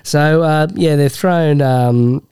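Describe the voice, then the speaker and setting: Blunt dark-voiced Australian bloke. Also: male voice, fairly high pitch, slow pace, smooth, no room sound. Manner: blunt, swears freely, laughs often. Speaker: podcast co-host. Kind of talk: casual banter.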